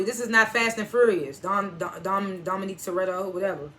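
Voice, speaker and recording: A woman's voice: medium pitch, steady tone, brisk, a bit bright. A woman reviewing a TV episode in a casual recap, loosely retelling scenes and swearing now and then.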